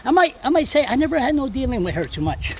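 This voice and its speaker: A man with a notably high voice rambles bluntly through his opinions, drifting from point to point and swearing now and then. He talks off the cuff to a camera that someone else holds, and faint background noise runs under the voice. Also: sing-song, fast. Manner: rambling, blunt and digressive, with profanity. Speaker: blogger. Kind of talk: off-the-cuff video commentary. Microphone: camera held by another person.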